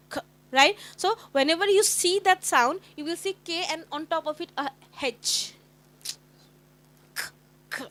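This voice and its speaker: A woman with an Indian accent running a phonics workshop for teachers, sounding out letters slowly and repeatedly as she quizzes the group. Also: high voice, sharp tone. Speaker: teacher trainer.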